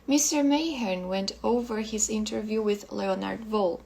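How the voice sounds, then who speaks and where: A woman English teacher reading a short story aloud slowly and carefully, sometimes restarting a phrase. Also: medium pitch, vocal fry, a little mellow, a little hiss or hum, rough recording.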